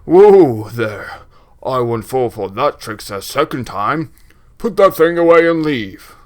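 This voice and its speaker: A man voicing a loud, booming, gruff male merchant in a game he is reading aloud. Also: lively intonation, a little slow, lightly acted. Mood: wary.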